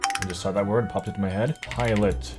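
A man's voice: on the low side, fairly even intonation, fairly quick, music in the background. A man doing casual gameplay commentary, thinking aloud, muttering word guesses and swearing at hard words. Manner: greets viewers with "ladies and gentlemen". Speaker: gaming YouTuber.

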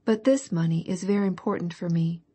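Severe older countess voiced by a woman, sighing, husky, audiobook. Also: on the low side, brisk, mellow.

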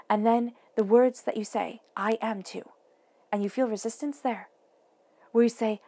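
Woman tarot reader, raspy with a gravelly edge, emphatic and encouraging, slips into near-whispers. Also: fairly high pitch, normal speed, mellow. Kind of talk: tarot reading monologue.

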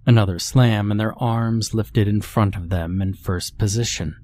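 A man narrating a horror story in a measured, steady storytelling manner. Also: lowish voice.

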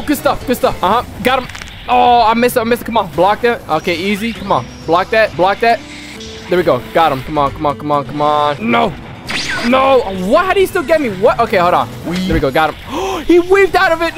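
A young man casually commentating his own gameplay, excitable and full of rapid repeated callouts. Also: high voice. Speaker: gaming YouTuber.

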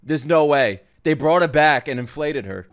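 A man hosting an anime reaction video in casual commentary, swinging between loud outbursts and hushed murmurs. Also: on the high side, animated, normal speed. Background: faint anime soundtrack music.

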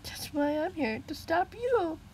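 A woman's voice: very high voice, animated, a little slow, darkish tone, slight background noise, voice pushed up, heavily acted. A woman voicing a cold, sneering villainous man in a storybook reading. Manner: sneering, mocking.

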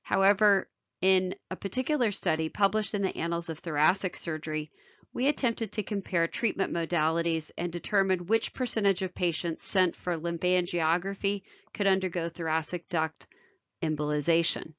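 A woman surgeon giving a medical video lecture in a measured, technical way. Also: on the low side, a bit bright, no echo, highs cut off. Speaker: thoracic surgeon.

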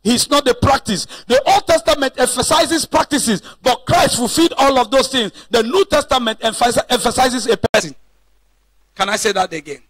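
A man's voice: very high-pitched, lively intonation, fairly quick, fairly bright tone, no room sound. A male pastor preaching a sermon, emphatic, repeating points and calling out questions to the congregation. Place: church.

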